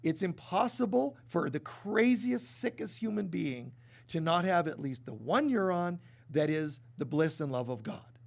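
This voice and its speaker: A middle-aged male pastor with a fairly high voice gives a casual, chatty sermon. He acts out the people he quotes and drops from emphatic lines to quiet ones. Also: animated, a little slow, creaky. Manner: conversational, acts out quoted voices, swings from loud to hushed.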